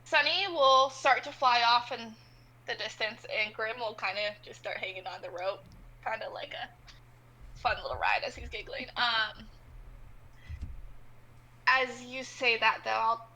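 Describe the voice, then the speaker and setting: High bright lady playing d&d, earnest. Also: a little slow, long pauses, low-quality recording. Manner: earnest, pleading. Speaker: player. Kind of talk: tabletop roleplay.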